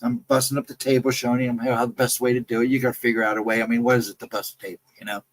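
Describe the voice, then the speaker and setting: A man's voice: mid-range voice, little pitch movement, racing, poor audio. A man casually recounting his own ghost encounters in a rambling, self-correcting way. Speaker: guest storyteller.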